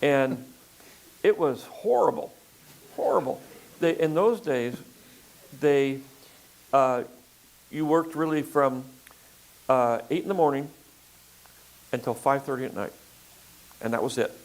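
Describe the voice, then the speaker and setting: An older man filmmaker in a relaxed interview conversation, talking in a rambling way with frequent fillers and restarts. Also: medium pitch, unhurried, pauses often, rough recording. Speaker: filmmaker guest.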